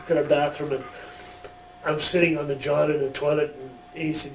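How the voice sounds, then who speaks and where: A man's voice: fairly high pitch, little pitch movement, moderate pace. A man, a former wrestler, telling a backstage story in a shoot interview, profane and chuckling. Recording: roomy distant mic, faint hum.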